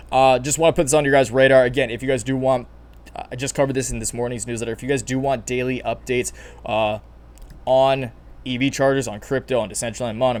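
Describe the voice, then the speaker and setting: A young man hosting a casual stock market video, upbeat and chatty, with frequent fillers and pet phrases. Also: medium pitch. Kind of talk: casual market commentary to camera.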